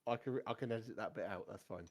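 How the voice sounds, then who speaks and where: A man's voice: fairly low pitch, fast talker. Man running a tabletop game. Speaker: game master.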